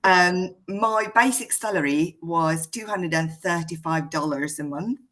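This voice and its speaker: A woman from Hungary speaks with a mostly British accent, a little South African in it. Her voice sits low for a woman, and she tells her story in a relaxed, chatty way with plenty of ums. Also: unhurried. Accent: Hungarian-born, mixed British and South African. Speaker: guest speaker. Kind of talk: casual conversation on a video call.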